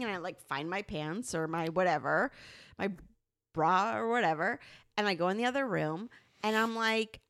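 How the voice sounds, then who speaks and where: This woman speaks at normal speed in a medium pitch, with no echo. She's one half of an open, candid couple's podcast, cursing liberally and animatedly playing out what her partner said.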